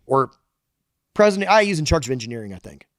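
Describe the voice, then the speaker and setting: A man's voice: a little high, big pitch swings, quick pace, a bit bright, no echo, studio quality. A man talking as a podcast guest, a loose storyteller who swears casually. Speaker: guest engineer and shop founder.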